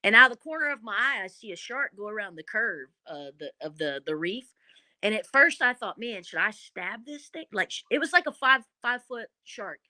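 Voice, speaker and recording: A woman's voice: medium pitch, moderate pace, dry recording. A woman with a Southern Kentucky accent telling stories in a casual interview, dramatic and folksy. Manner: animated, dramatic storyteller with folksy phrasing. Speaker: guest, former reality show contestant.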